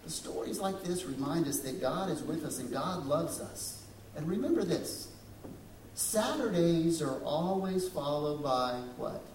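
A man's voice: fairly high pitch, expressive, unhurried, noisy background. A man preaching a sermon in a church, dramatic and questioning, slipping into voices when he quotes people. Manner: dramatic, shifts into voices for quoted figures, asks the congregation questions. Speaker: pastor. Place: church sanctuary. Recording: echoey room, distant mic.

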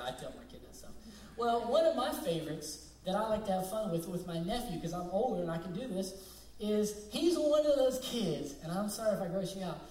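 A man's voice: high-pitched, darkish tone, reverberant, distant mic, slight background noise, rough recording. A young man preaching a sermon as pastor, switching between conversational storytelling and emphatic points.

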